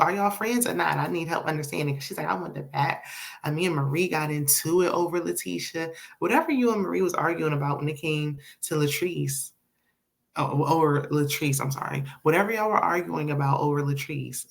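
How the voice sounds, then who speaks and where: Woman, sassy recap vlogger, slightly low voice, chatty and laughing. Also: vocal fry. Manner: sassy, chatty, laughs often, addresses viewers as y'all. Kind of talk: casual opinionated recap.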